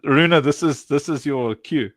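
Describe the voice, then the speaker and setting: A man's voice: a little high, moderate pace, crowd noise. A man from South Africa hosting a casual stream chat, joking and laughing often. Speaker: stream host.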